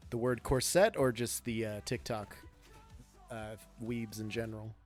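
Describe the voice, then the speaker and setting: A man's voice: lowish voice, steady tone, unhurried, a little mellow, soft background music. A man with a Midwestern American accent, chatting casually and joking with viewers while streaming a game. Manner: chuckling, joking, answering chat. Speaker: gaming streamer. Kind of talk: casual live-stream chat.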